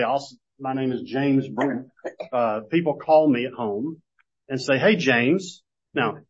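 A man teaches a Bible class with a folksy, self-deprecating storytelling manner, then reads scripture in a measured way. His voice sits at an ordinary pitch. The recording is dull and lo-fi.

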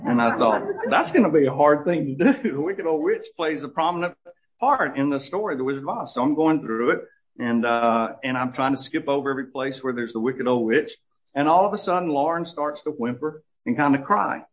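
A man's voice: medium pitch, animated, brisk. A middle-aged man giving a conversational Bible teaching as a church teacher, telling stories with many fillers and restarts. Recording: dull lo-fi recording.

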